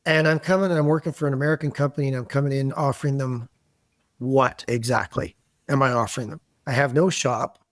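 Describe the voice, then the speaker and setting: A middle-aged man from Canada, a podcast guest telling animated, self-deprecating stories in a relaxed conversation. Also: mid-range voice, fairly quick, no room sound, clean studio sound. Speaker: interview guest. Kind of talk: conversational interview.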